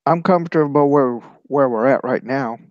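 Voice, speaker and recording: A man's voice: medium pitch, moderate pace, dry recording. A man playing a tabletop game, laying out his plans step by step while thinking aloud. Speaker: player. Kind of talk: casual tabletop play. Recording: dry, lo-fi recording.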